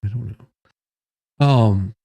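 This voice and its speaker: Hosting a morning news commentary stream, this man speaks slowly in a lowish, gravelly, warm voice. He rambles and jokes over the headlines, cuts himself off, and drifts into tangents.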